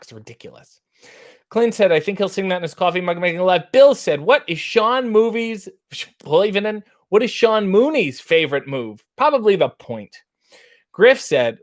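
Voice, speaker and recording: A man hosting a casual show, reading out viewer comments and answering them with dry, wry humor. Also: a little high. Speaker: host.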